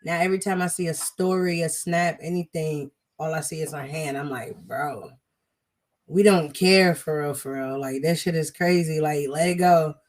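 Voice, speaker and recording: A woman's voice: sits low, normal speed. Blunt, laughing woman hosting a podcast. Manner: blunt, profane, laughs often. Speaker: podcast host. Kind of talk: casual chat.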